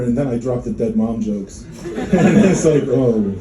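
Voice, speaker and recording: A man from Poland in his thirties performing a stand-up comedy set at a club, deadpan and dark, slipping into mocking voices. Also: on the high side, measured pace, noisy background. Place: comedy club before a live audience. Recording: echoey room with crowd laughter.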